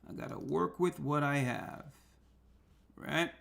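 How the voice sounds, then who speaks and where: Slow and slightly high with vocal fry and a fairly bright tone, a man runs an online radio talk show in a casual livestream style. He muses aloud at his computer without hurrying, sprinkling in religious exclamations.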